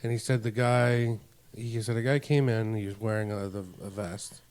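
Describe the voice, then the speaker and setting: A man's voice: on the low side, steady tone, normal speed, darkish tone, clear, resonant tone. A man telling long, rambling stories on a casual podcast, acting out the dialogue of the people in them. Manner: rambling anecdotes, acts out quoted dialogue. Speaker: podcast host. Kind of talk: casual storytelling chat.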